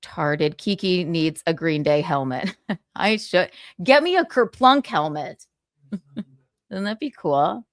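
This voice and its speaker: A woman hosting a casual livestream, reading viewer comments out loud in a brash, profane, giggly way. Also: fairly low pitch, expressive, slow pace, dry recording, studio quality. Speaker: livestream host.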